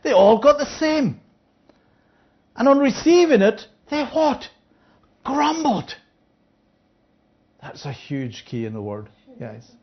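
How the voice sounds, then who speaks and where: A Bible teacher leads an interactive study and keeps asking listeners to follow along. The delivery rises and falls with animated pitch as the speaker acts out the parable's characters. The recording sounds dull and lo-fi. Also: slow pace, long pauses. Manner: checks in with listeners, asking "Yeah?".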